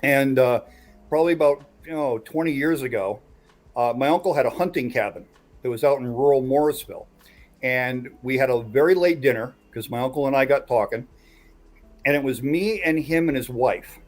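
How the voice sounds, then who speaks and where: A man's voice: mid-range voice, moderate pace. Man telling a story on a podcast. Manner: builds suspense while recounting a tale. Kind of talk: casual storytelling chat.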